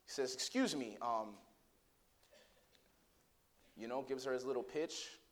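A male pastor preaching a sermon, telling a story in a low hushed voice and then rising into loud, impassioned preaching with rhetorical questions to the congregation. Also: measured pace.

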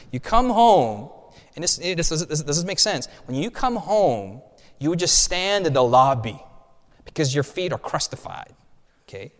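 A man's voice: on the high side, clear, resonant tone. A male pastor giving a sermon to his congregation in a colloquial, emphatic way, acting out the stories he tells. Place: church sanctuary. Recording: long hall reverb.

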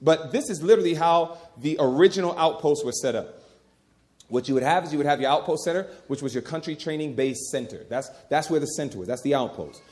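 A man's voice: on the high side, darkish tone. A middle-aged man preaching a sermon, emphatic and folksy, repeating key phrases and talking to the crowd as "y'all".

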